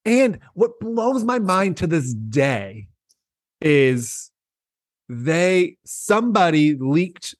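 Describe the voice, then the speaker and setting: A man's voice: fairly high pitch, big pitch swings, drawn-out words, no room sound, clean studio sound. A man co-hosting a casual gossip chat, animatedly acting out quotes in mocking voices. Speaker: podcast co-host.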